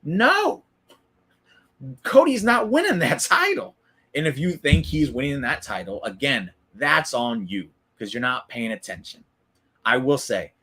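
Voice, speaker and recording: A man with a voice of ordinary pitch, hosting a live recap stream in a loose, conversational way. He argues his opinions with confidence and keeps breaking off to answer viewers in the chat by name. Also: a bit bright. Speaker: wrestling recap host. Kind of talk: casual live-stream commentary.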